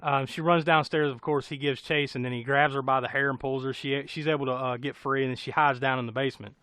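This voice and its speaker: A man's voice: medium pitch, steady tone, fast, fairly bright tone, clean tone, dry recording. Laughing, rambling American man recapping a film. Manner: rambling, laughing, profane storytelling. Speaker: podcast co-host. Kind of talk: casual film recap chat.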